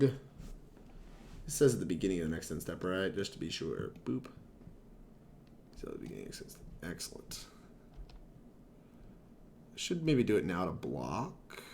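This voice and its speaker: A man's voice: low-pitched, gravelly, a little mellow, a little hiss or hum. A young man streaming a card game, chatting and rambling to his chat in a casual, laughing way. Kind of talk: casual gameplay commentary to chat.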